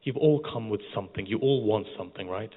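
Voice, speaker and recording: A man's voice: on the low side, quick pace, breathy edge. A male preacher giving a mourning sermon, speaking directly to the congregation and guiding them through an imagined scene. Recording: tinny, phone-like sound with long hall reverb.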